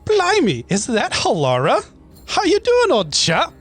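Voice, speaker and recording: A man's voice: extremely high pitch, wildly swooping pitch, a little slow, soft background music, pitched above the performer's own voice, exaggerated voice. A man voicing a jovial fire god with a hammy put-on British accent. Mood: cheery.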